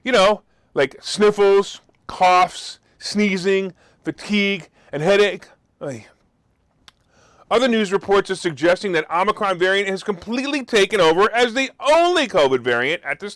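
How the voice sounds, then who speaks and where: A man hosting a live market talk show, his voice high and swooping all over the place. He talks with sarcasm and bursts into loud mock outrage, close to a desk mic in a dry, dead room. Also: no echo. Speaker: host. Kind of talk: opinionated market commentary.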